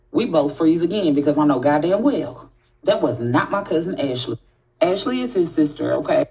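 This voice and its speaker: A low-pitched woman with a drawl tells a spooky story in an animated, profane style. She speaks right to her listeners as she goes. The audio is a little muffled and lo-fi. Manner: animated, profane, talks straight to the audience. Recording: dull lo-fi audio.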